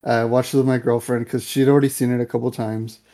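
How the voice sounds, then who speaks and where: A man's voice: medium pitch, little pitch movement, fast, mellow. A young man co-hosting a podcast, chatting casually about a movie in a rambling, filler-heavy way. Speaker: podcast co-host. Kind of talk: casual movie review chat.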